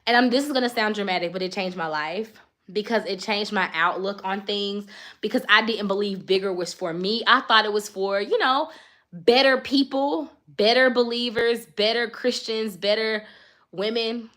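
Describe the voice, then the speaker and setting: A woman's voice: mid-range voice, normal speed. A woman in her thirties chatting casually while folding laundry, encouraging her viewers, often laughing and openly emotional. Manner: warmly emotional, faith-minded. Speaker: lifestyle content creator and mom.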